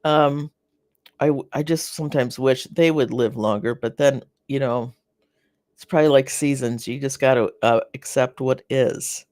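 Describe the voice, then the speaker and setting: The host of a live garden chat, from North America, chats casually and works through viewer comments in a halting, rambling way, often using fillers and restarting, always sympathetic to the audience. A medium-pitched, steady, slightly mellow voice comes through a clean studio recording without echo.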